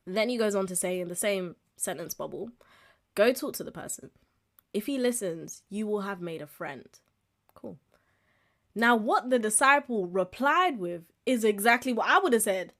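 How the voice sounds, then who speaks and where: A woman in her twenties hosting a casual solo podcast, telling stories with animated, acted-out reactions and frequent laughs. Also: mid-range voice, normal speed. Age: 20s. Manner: animated storytelling, acts out reactions, laughs often. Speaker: podcast host.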